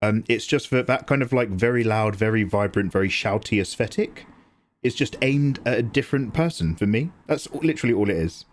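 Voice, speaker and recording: Animated forty-something man streamer. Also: fairly quick. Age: 40s. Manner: animated, self-deprecating, swears freely; mocks others with squeaky high voices. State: tearing up, emotional. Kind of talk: casual livestream chat. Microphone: desk mic, no camera.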